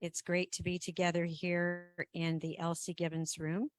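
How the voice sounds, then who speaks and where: A woman chairing a formal council meeting in a meeting room, speaking in a measured way with frequent ums and restarts. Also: fairly low pitch, flat delivery, dry recording, studio quality.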